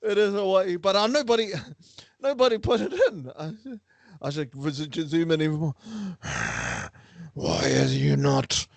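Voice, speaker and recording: A man hosting a lively quiz for a class, playful and teasing with frequent laughter. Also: a little high, measured pace, vocal fry, no echo. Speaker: online class quiz host.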